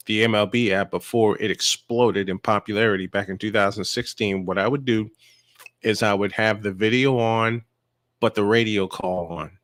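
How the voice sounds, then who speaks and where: A man from Chicago with a fairly low voice, telling sports stories in an emphatic, opinionated way. His voice is recorded close and dry, with no room sound. He chats like a regular host of the show. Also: fairly bright tone, dry recording. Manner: emphatic, tells stories with lots of affirming fillers. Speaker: podcast co-host. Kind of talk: casual sports chat.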